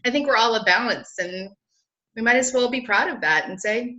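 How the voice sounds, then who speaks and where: A woman's voice: a little high, lively intonation, moderate pace, bright, forceful tone, highs cut off. A woman from South Carolina with a Southern accent, a guest on a podcast interview who talks in a bubbly way and laughs often. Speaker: guest, lawyer and blogger.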